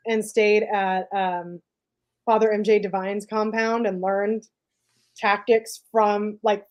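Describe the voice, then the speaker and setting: A woman's voice: medium pitch, darkish tone. A woman co-hosting a podcast, talking casually and thinking aloud, with lots of "like" and "right?" as she works through her points. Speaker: podcast co-host. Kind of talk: casual discussion.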